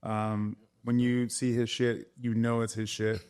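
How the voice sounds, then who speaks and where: A man's voice: medium pitch, measured pace, smooth. A man, a tattoo artist guest, chatting casually and telling stories with swearing and laughter. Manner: animated storyteller, swears, laughs often. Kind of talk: casual chat.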